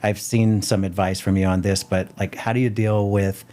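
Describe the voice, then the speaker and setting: Low-voiced man hosting a podcast. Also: flat delivery, moderate pace, mellow. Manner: conversational, prompting with questions and frequent affirmations. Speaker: podcast host. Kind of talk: casual podcast interview.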